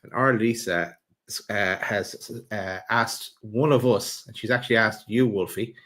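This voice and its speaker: A man's voice: on the low side, measured pace, fairly bright tone. A man hosting a live stream, upbeat and coaxing as he reads out requests. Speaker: host reading chat requests. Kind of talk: livestream hosting.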